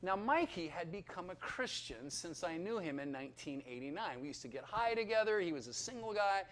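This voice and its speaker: A man in his fifties telling his personal testimony to an audience in a chatty, animated way, often checking in with his listeners. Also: high-pitched, a little fast. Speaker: speaker giving a personal testimony. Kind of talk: lively storytelling testimony to an audience.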